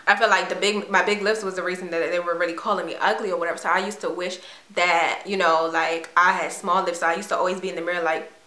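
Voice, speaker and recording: A young woman from Washington, D.C., telling a personal story in a chatty, animated way with casual slang. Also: lowish voice, quick pace. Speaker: vlogger. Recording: echoey room.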